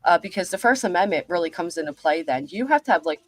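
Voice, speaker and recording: A woman on a livestream panel, talking quickly and chattily with a lot of filler words. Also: lowish voice, expressive, dry recording. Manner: fast, chatty, full of "like" fillers. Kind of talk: casual chat.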